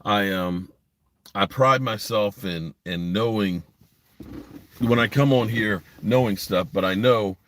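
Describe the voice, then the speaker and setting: A man's voice: fairly low pitch, takes it slowly, a bit bright. A man hosting a sports podcast live stream from a parked driveway, talking bluntly and rambling while reading comments from his chat.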